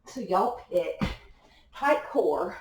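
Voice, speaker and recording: A woman's voice: lowish voice, sing-song, drawn-out words, noisy background. A young woman leading a home workout class, giving encouraging cues while exercising along. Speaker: fitness instructor. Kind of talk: guided home workout instruction. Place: indoor room at home. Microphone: distant camera mic. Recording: echoey room, far from mic.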